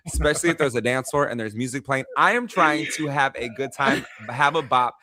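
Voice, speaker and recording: A man in his thirties co-hosting a podcast, telling stories in a sassy, animated way with lots of "like". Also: medium pitch, fairly quick. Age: 30s. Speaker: podcast co-host. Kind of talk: casual chat.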